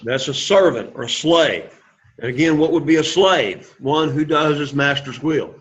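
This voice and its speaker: A man's voice: a little high, normal speed. A man leads a classroom lesson in a slightly raised voice, cheering his students on and having them say each word back to him. The recording is dull and lo-fi, taken in the classroom. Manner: encouraging, repeats words for the class to echo. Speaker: Greek teacher. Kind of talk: classroom lecture.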